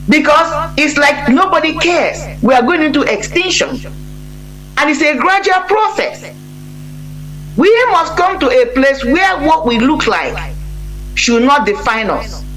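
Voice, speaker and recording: A man appears as a guest on a live broadcast, speaking earnestly and emphatically in impassioned conversation, frequently breaking off and restarting sentences. His voice is very high-pitched and a bit bright, and the audio is poor.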